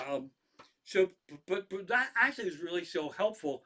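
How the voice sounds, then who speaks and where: A man's voice: high voice, lively intonation, normal speed, pushed and bright. A man, a stand-up comedian, telling rambling, profane stories to a live stream audience, often restarting his sentences. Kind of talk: casual storytelling to a live stream.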